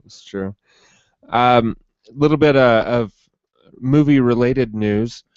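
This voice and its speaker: A man's voice: medium pitch, slow, a little mellow, smooth, dry recording, lo-fi sound. A man co-hosting a podcast in casual chat, with a dry, sarcastic delivery. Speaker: podcast co-host.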